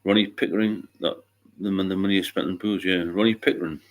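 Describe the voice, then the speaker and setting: A man's voice: low-pitched, flat delivery, quick pace. A middle-aged man from England hosting a casual livestream chat, talking bluntly, swearing freely and wandering into anecdotes. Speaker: livestream host.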